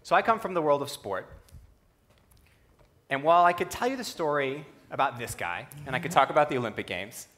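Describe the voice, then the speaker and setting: A young man giving a talk on a stage, telling a personal story with humor and an animated delivery. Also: brisk. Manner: animated, humorous, acts out quotes in a lowered voice. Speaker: speaker at a youth conference talk. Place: stage before a live audience.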